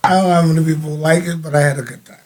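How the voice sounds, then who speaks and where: A man's voice: on the high side, steady tone, very fast, background noise. A man from Illinois co-hosting a casual podcast, joking and teasing his friends and laughing often. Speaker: podcast co-host. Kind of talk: casual banter.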